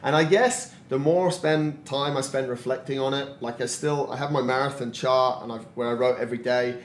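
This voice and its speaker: A man's voice: mid-range voice, fairly even intonation, moderate pace, a little hiss or hum. A man in his forties, a podcast guest, telling stories in a reflective way and laughing often. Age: 40s. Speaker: interview guest. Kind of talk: casual interview chat. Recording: roomy echo.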